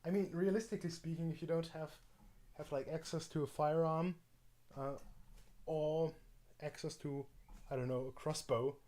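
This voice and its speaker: A man's voice: a little high, fairly even intonation, normal speed, long pauses, dark tone. A man streaming in a casual chat, rambling and hesitant with frequent restarts and fillers.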